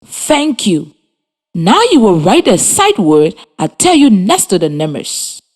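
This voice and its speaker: Woman radio teacher for a children's lesson, slow and sing-song, spells out words patiently. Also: mid-range voice, very animated, a little mellow. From Liberia. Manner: slow, clear and encouraging, spells words letter by letter. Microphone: radio studio mic.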